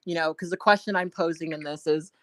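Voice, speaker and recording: A woman hosts a live call-in show in a relaxed, chatty way. She reassures her callers in a friendly tone, close to a dry mic with no room sound. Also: fairly low pitch, a little fast, no echo. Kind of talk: casual live call-in chat.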